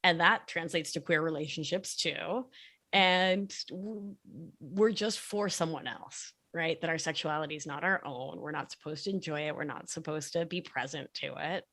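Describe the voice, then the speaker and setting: A woman talking as a podcast guest, explaining things in a calm, gentle, sing-song way. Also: deep voice, moderate pace. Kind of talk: casual podcast conversation.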